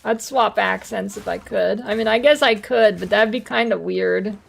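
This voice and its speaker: American woman streamer, mid-pitched and heavily fried, rambling and profane. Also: normal speed, gravelly. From United States. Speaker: game streamer. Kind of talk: casual gaming stream chat.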